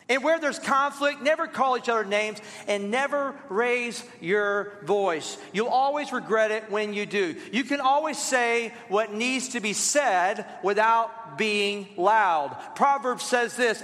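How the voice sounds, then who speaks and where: A man preaching a sermon as pastor, telling lively stories and calling on the congregation to read along. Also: high voice, unhurried. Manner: lively storytelling with asides to the congregation. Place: church. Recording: reverberant church hall.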